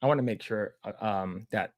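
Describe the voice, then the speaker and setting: A man's voice: lowish voice, moderate pace, dry recording, studio quality. A man co-hosting a casual livestream, stammering and repeating words as he reads the chat aloud. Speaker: podcast co-host.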